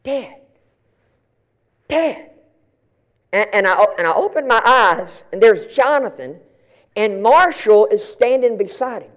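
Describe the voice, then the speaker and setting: A middle-aged male pastor telling a story in a sermon, animated and colloquial, often repeating and restarting his words. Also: high-pitched, normal speed.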